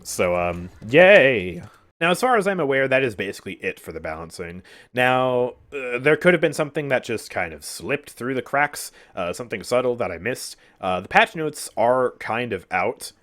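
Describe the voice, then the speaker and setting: Lively sarcastic young gaming commentator, a man. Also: medium pitch, a little hiss or hum. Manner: exasperated, sarcastic, frequent laughs and sighs. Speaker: gaming YouTuber. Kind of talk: casual gameplay commentary.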